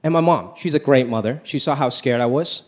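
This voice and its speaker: A man delivers a stand-up set before a laughing live audience in a mid-range voice, a little fast. He speaks with animation and puts on voices for quotes, with the crowd and faint noise in the recording.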